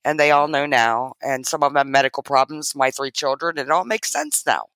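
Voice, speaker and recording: Here a middle-aged woman, appearing as an interview guest, recounts a personal story with earnest feeling, voicing the dialogue she quotes. She has a bass voice and a somewhat bright tone and moves briskly. The recording is dry.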